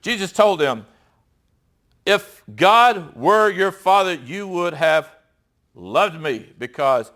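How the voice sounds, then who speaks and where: A middle-aged man preaching in a fairly high voice. He reads Bible verses aloud and explains them in a conversational, emphatic style, often stopping to ask his listeners rhetorical questions. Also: expressive, slow pace, fairly bright tone. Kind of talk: sermon with Bible reading.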